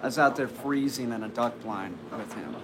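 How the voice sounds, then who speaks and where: A man's voice: medium pitch, normal speed. Rambling man telling a story over background noise. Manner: rambling, with frequent restarts and fillers. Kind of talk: casual personal anecdote. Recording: noisy background ambience.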